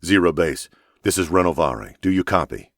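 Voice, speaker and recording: A calm, cool-headed male captain, as a narrator puts him on in an audiobook thriller. His orders come firm and commanding, in a very deep voice recorded close and dry. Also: moderate pace, dry recording. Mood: steady. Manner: firm, commanding radio calls. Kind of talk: audiobook character voice.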